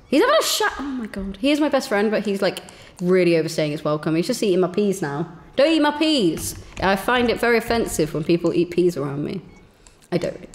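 A woman giving excitable, giggly commentary while playing a game on stream, talking to herself. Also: medium pitch, long reverb tail. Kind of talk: gameplay commentary.

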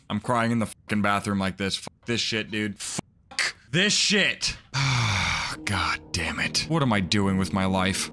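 A young man commentating a horror game as he plays, cursing constantly and yelping when startled. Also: on the low side. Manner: profane, jumpy, screams at jump scares. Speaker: gaming youtuber.

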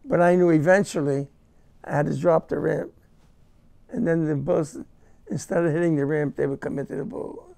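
An older man, a war veteran being interviewed, recalling his experiences in a halting, emotional way and repeating words. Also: on the high side, fairly even intonation, creaky, a little mellow. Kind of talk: first-person war recollection.

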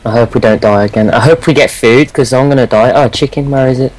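A man's voice: mid-range voice, quick pace, a little mellow, poor audio. A young man playing a game with a friend, teasing him dryly and grumbling about dying. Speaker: co-player. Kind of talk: casual gameplay chat.

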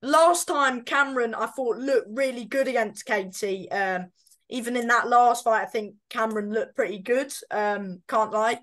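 A woman's voice: a little high, moderate pace, fairly bright tone. A woman co-hosting a casual boxing predictions chat, talking in a hesitant way with frequent fillers and self-corrections. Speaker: boxing pundit co-host.

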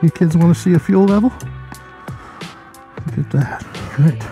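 A man with a mellow, somewhat high voice talks a little slowly over soft background music. He's a motorcycle vlogger riding through town streets, and later indoors, rambling and joking casually as he addresses his viewers as kids.

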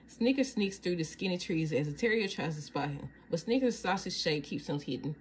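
A woman reading a children's picture book aloud in a calm, clear way. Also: lowish voice, fairly quick, slight background noise, poor audio. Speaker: storybook reader.

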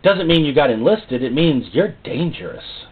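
A man's voice: a little high, big pitch swings, moderate pace, slightly rough. Preacher man on a tinny line. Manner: emphatic, repeats phrases for stress. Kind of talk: sermon. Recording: tinny phone-like sound.

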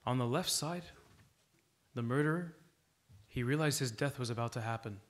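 Guy giving an earnest sermon in church, mid pitch, tells a story and urges folks on. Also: normal speed.

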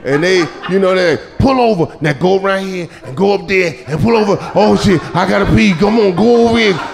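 Gravelly stand-up comic on a live stage. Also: male voice, high-pitched, fairly quick, big-room sound, crowd noise. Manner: storytelling, loud punchlines, profane. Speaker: stand-up comedian. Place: comedy club stage with audience laughter. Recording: live club recording with audience noise.

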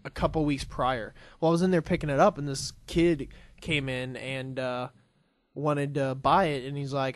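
A young man co-hosting a casual podcast, swearing freely and telling animated stories. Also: medium pitch, normal speed, dry recording. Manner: swears a lot, animated storytelling. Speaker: podcast co-host. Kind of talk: casual chat.

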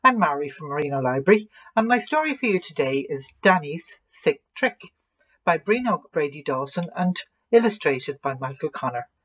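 A woman with an Irish accent, a librarian reading a children's storybook aloud with expressive delivery. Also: sits low, normal speed.

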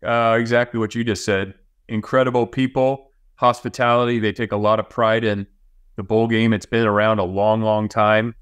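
A male head football coach in his forties answering interview questions in a measured way, with frequent pauses. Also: on the low side, little pitch movement, fairly bright tone, clean tone, no echo. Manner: measured, with many fillers and restarts.

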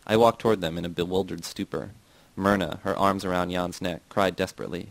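Low-voiced man reading a novel. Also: fairly even intonation, fairly quick, vocal fry, dry recording, rough recording. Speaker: audiobook reader.

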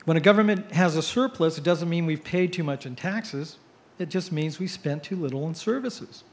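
A middle-aged man giving an after-dinner speech, telling jokes with punchline pauses. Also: a little high. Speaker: editorial cartoonist giving a speech. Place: cruise ship event.

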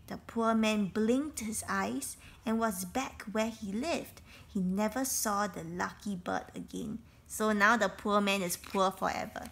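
A woman reading a children's picture book aloud, slowly, stopping to explain things in simple words. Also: mid-range voice, creaky, fairly bright tone. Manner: slow, explains words and events in simple asides. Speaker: storybook reader.

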